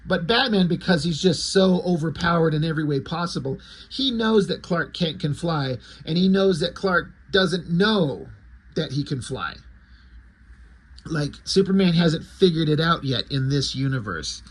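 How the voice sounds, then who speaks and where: A man reviewing a comic book in a casual recap, crude, excitable and sarcastic. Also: a little high, unhurried, husky.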